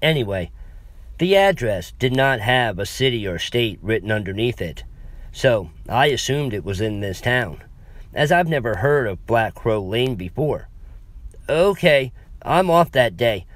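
A man's voice: lowish voice, expressive, measured pace, no echo. A man narrating a first-person story in a wry, conversational way with asides to the listener.

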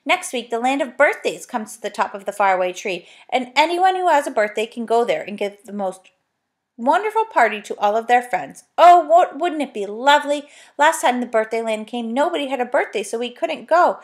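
A woman's voice: a little high, animated, brisk, pitched above the performer's own voice, close to an everyday voice. A woman reading aloud, voicing an eager little fairy girl in a bubbly manner. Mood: excited.

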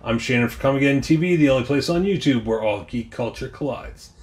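A man's voice: medium pitch, fast. A man, a channel host, reading an upbeat scripted outro.

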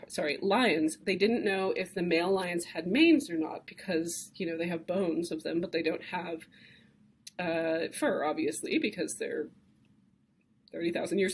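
A woman's voice: lowish voice, a little slow, a little hiss or hum. Enthusiastic woman giving an art lecture. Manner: conversational, enthusiastic, with frequent fillers. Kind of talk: classroom lecture.

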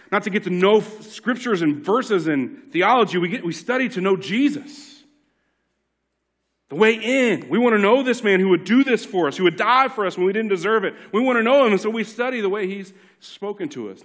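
A man as lead pastor giving a sermon, swinging from loud emphatic lines to hushed ones and repeating key lines. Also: fairly high pitch.

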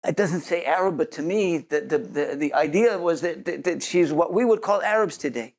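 A man's voice: a little high, normal speed, a little mellow. A man teaching as a Messianic Jewish preacher, delivering an earnest sermon and closing in prayer, often repeating words as he finds his thought. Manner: earnest, repeats words while searching for them.

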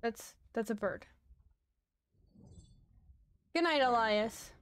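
A woman with a high, bright-pitched voice chats casually while playing an online game with friends. She is playful and giggly, quick to reassure teammates, speaking into a stream mic. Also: clean tone. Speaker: streamer host. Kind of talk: casual gaming chat with friends.

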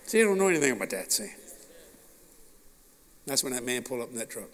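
A male preacher telling a personal story in a folksy, animated sermon style. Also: mid-range voice, fast. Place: large meeting hall. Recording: long reverb of a large hall.

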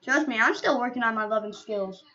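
High, bright-voiced playful gaming streamer woman. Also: fairly quick, muffled recording. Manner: playful, rambling, silly asides. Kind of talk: casual gameplay chatter.

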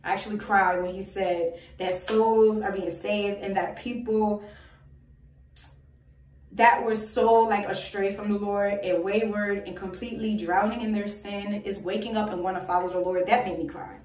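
A woman's voice: mid-range voice, steady tone, normal speed, darkish tone. A woman giving an emphatic, preachy personal monologue full of rhetorical questions and repetition. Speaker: self-styled prophetic vlogger. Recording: echoey room, voice far from mic.

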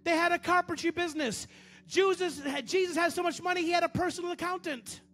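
A man with a strikingly high voice preaches a sermon, jumping from loud, driven lines to low, quiet asides. He repeats phrases over and over to drive them home. Soft music plays faintly underneath. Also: fairly even intonation, brisk. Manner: preaches with sudden swings from loud bursts to low murmurs. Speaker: pastor.

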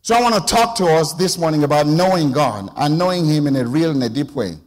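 In a church sanctuary with long reverb, a middle-aged man preaches a conversational sermon, often calling on the congregation to respond. His voice is fairly high, expressive and fairly quick.

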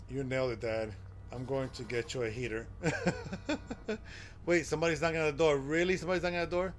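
A man giving live commentary while playing a horror game, excitable and exclaiming and swearing at the scares. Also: mid-range voice, a little fast. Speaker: game streamer.

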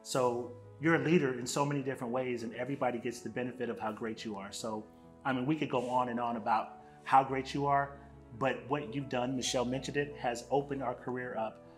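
A man's voice: medium pitch, fairly even intonation, brisk, faint music behind. Man giving a lighthearted tribute. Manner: warm praise, light and joking. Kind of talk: spoken tribute.

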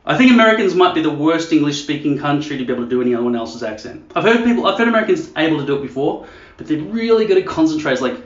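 A man's voice: a little high, very animated, rapid-fire. A man vlogging casually at home, joking and swearing as he rambles. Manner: crude, joking, mocking. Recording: echoey dull room sound.

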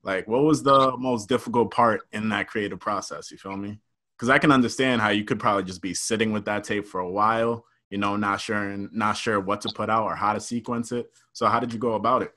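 A man's voice: lowish voice, steady tone, fairly quick, bright, forceful tone. Easygoing young man hosting. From Massachusetts. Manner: easygoing, asks long rambling questions, says "you feel me". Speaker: podcast host. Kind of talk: casual interview chat.

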